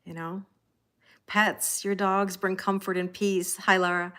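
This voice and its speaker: A woman's voice: mid-range voice, little pitch movement, a little slow, a bit bright. A woman from Canada with a Canadian accent, hosting a live tarot stream in casual chat, reading out viewer comments and talking straight to her viewers in a chatty, reassuring way. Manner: chatty and reassuring, talks straight to viewers with frequent "you know?". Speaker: tarot reader hosting a livestream.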